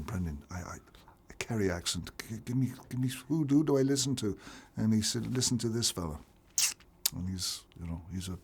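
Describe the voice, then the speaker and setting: A man from Ireland, an actor being interviewed, telling stories in an animated way, restarting and repeating his words. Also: lowish voice, slight background noise. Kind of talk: casual interview chat.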